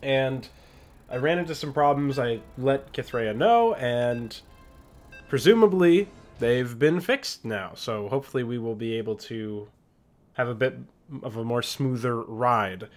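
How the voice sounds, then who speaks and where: A man's voice: medium pitch, animated, unhurried, soft background music. A man hosting a let's-play, talking casually and enthusiastically about a game he is playing. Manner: chatty, enthusiastic. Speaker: host.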